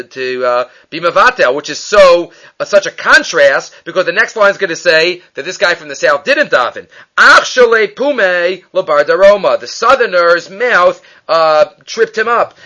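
Lively, high-voiced man teaching Talmud. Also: a little fast. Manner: reads Aramaic lines then translates, animated storytelling. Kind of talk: daily page study lesson. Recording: dull lo-fi recording.

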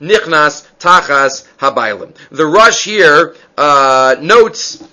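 A man's voice: on the high side, expressive, takes it slowly, pushed and bright. A man giving a Talmud study lecture, explaining step by step and asking and answering his own questions. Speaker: Talmud teacher.

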